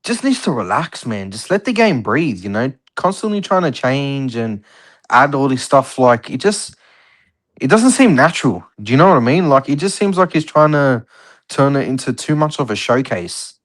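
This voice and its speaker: Australian man, young, casual rambling podcast chat, lively up-and-down voice. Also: medium pitch, moderate pace. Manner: laid-back, rambling, slangy. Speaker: podcast co-host.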